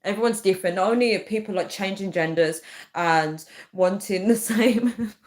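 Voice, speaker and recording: A young woman chatting casually to viewers, ranting in an animated way and laughing often. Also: medium pitch, moderate pace. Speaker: vlogger.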